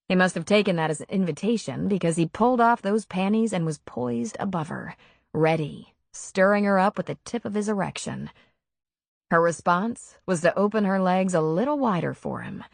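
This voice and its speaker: A woman reading a romance audiobook in measured, unhurried narration. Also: on the low side, vocal fry, no room sound.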